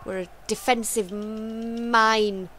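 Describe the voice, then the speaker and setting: A woman playing a football video game and reacting loudly, shouting at her players and laughing, with the mic very close to her face. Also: on the high side, steady tone, drawn-out words. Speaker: gameplay streamer. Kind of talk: excited gameplay chat. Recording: close-miked with faint background noise.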